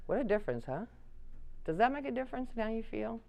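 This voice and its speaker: A woman's voice: a little high, fast talker, vocal fry. A middle-aged woman giving a caregiver talk to an audience, telling stories and acting out the people she quotes. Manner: animated, acts out quoted people with laughs. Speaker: caregiver support speaker.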